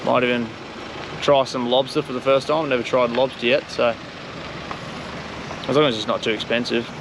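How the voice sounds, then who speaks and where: A man's voice: mid-range voice, fairly even intonation, moderate pace. Laid-back Aussie travel vlogger, young man, slangy and upbeat, recorded outside with wind in the mic. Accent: Australian. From Australia. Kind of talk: casual travel vlog. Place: outdoors on a windy coast. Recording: outdoor recording with wind noise.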